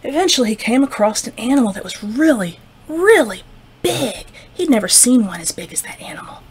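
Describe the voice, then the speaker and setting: A woman librarian telling a folktale to children, expressive, with whispers and sound effects. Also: a little high, fairly quick, breathy edge. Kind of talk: children's storytime narration.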